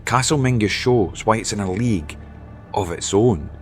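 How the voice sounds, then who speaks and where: Man narrating, dramatic, lively delivery, low-ish voice, faint music bed. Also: normal speed. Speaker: documentary narrator. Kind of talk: scripted narration.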